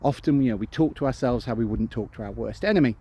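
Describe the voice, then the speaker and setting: Man, phobia specialist, relaxed talk to camera, plays out worried inner voices. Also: mid-range voice, quick pace, slightly rough. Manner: acts out anxious inner voices.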